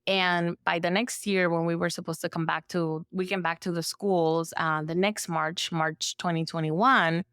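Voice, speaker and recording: Low, smooth-voiced woman telling her story. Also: measured pace, hardly any pauses, no echo, studio quality. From El Salvador. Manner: frequent "like" fillers, lively acted-out quotes. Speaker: therapist and podcast guest. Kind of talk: conversational storytelling.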